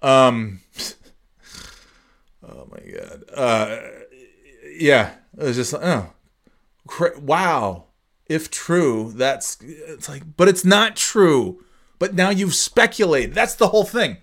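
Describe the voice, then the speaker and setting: A man's voice: a little high, lively intonation, slow, long pauses, fairly bright tone. A man ranting casually on his podcast, profane and exasperated, rambling with lots of restarts. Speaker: podcast host. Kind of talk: casual rant.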